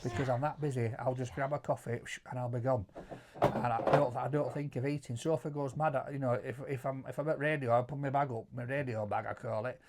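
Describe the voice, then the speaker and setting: Man, Yorkshire accent, middle-aged, casual storytelling, repeats words, loud acted-out quotes. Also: mid-range voice, brisk, slight background noise. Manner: animated, swears, repeats words, acts out quotes loudly. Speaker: co-host answering viewer questions.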